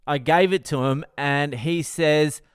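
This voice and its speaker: A man's voice: on the high side, unhurried, smooth, no room sound, studio quality. A man hosting his own podcast, telling a story in a profane, exasperated way. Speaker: comedian podcast host. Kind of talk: solo storytelling monologue.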